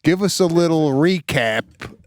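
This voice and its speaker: A man co-hosting a comedy podcast who teases and questions his partner with deadpan ribbing. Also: a little high, a little slow, no echo, clean studio sound. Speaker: podcast co-host. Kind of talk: casual comedic chat.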